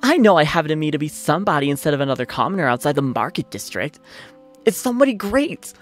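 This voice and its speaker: A man's voice: a little high, very animated, fast, soft background music, voice pushed up. A man voicing a clumsy, dreamy young man in a game, stammering and flustered as he talks to his mother. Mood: pleading.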